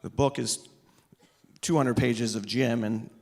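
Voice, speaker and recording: A man's voice: medium pitch, fairly even intonation, slow, gravelly, darkish tone, slight background noise. A man in his thirties doing stand-up on stage into a microphone, sarcastic and teasing the audience. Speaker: comedian. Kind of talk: stand-up comedy. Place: stage before a live audience. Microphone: amplified stage microphone.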